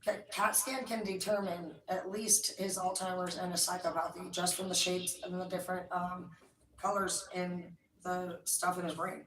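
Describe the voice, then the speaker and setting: A woman's voice: fairly low pitch, little pitch movement, moderate pace, a bit bright, a little hiss or hum. A woman talking in a rambling, casual monologue, swearing constantly as she jumps from thought to thought. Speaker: tarot streamer. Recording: echoey room, distant mic.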